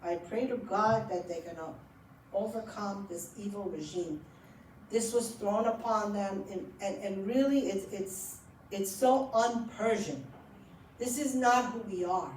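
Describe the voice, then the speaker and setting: Animated storytelling woman, roomy distant sound. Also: medium pitch, unhurried, slight background noise. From Iran. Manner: animated, laughs often while telling stories. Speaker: author speaking at a book event. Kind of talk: storytelling talk to an audience. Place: library event room.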